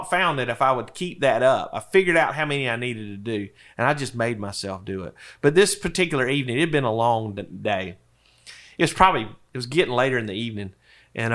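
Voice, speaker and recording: A man's voice: medium pitch, fairly bright tone. A man telling folksy stories about his sales work in a casual interview, chuckling often. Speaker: insurance advisor guest.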